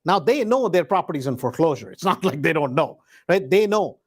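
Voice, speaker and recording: A man teaching real estate investing in a loose, conversational way, often checking in with the listener with a quick "right?". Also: fairly high pitch, big pitch swings, slightly rough. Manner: conversational, peppers points with a tag question "right?"; acts out door-knocking scripts in a hesitant, searching tone. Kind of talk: live instructional talk.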